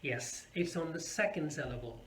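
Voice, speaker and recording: A male teacher walks learners through pronunciation tips, saying each word slowly and clearly. His voice sits a touch high. A faint background noise runs under the recording. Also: a bit bright. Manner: patient, repeats words slowly to demonstrate. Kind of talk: video lesson. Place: Calgary area, teaching students.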